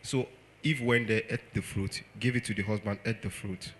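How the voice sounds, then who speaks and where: A man's voice: fairly low pitch, fairly even intonation, moderate pace, a little hiss or hum. A man with a Nigerian accent preaching a sermon, firing off rhetorical questions and acting out quotes.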